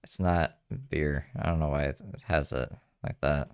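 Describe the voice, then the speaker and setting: A man's voice: a bass voice, fairly even intonation, moderate pace, clear, resonant tone, no echo, clean studio sound. A man giving casual, chatty commentary on a livestream, swearing and laughing as he goes. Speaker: streamer reacting to a livestream. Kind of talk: casual live reaction commentary.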